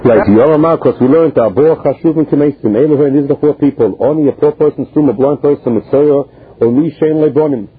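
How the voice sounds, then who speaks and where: A man's voice: fairly high pitch, fast, breathy edge. A man explaining a Talmud passage, listing cases and mixing Hebrew terms into English. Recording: tinny phone-like line.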